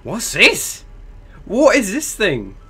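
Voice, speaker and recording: A man's voice: high voice, wildly swooping pitch, slow pace, bright, forceful tone. A man commentating a horror game playthrough, jumpy and swearing often, with frightened exclamations. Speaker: gameplay commentator. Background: game music.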